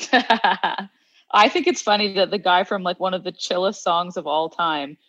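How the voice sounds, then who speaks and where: A woman's voice: fairly low pitch, a little slow, fairly bright tone, no echo, highs cut off. Wry woman telling stories on a podcast. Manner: wry, laughing storyteller. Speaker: podcast co-host. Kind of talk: casual storytelling chat.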